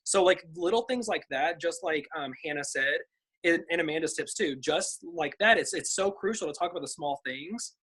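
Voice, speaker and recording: A woman's voice: low voice, animated, moderate pace, a bit bright, breathy edge, low-quality recording. A young woman chatting on a group video call, sharing tips in a bubbly, chatty way with plenty of fillers. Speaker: team member sharing tips.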